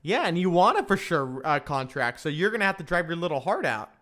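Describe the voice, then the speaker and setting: A man's voice: on the high side, very animated, a little fast, a bit bright. A man hosting a casual live stream, chatting and joking as he follows a practice session, often laughing at his own slips. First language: English.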